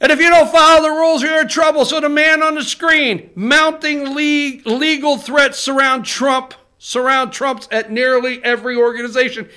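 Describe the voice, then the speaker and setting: A man in full rant, hurling his points straight at the camera. His voice sits strikingly high and rings bright and forceful, and he swears and hammers the same lines again and again. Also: level tone, moderate pace, hardly any pauses. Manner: heated, swearing, repetitive, addresses viewers directly. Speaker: political talk show host. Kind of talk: fired-up political rant to camera. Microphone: studio camera.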